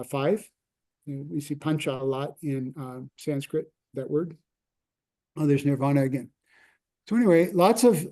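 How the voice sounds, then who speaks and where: Guy giving a slide talk, kinda high but mellow voice, lots of uhs and restarts. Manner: halting, many fillers and restarts. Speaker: lecturer. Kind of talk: slide lecture.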